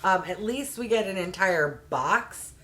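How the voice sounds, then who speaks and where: A woman's voice: medium pitch, lively intonation, unhurried, sharp tone. Exasperated woman ranting in a casual vlog. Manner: chatty, uses fillers like "like" and "um". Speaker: beauty box reviewer.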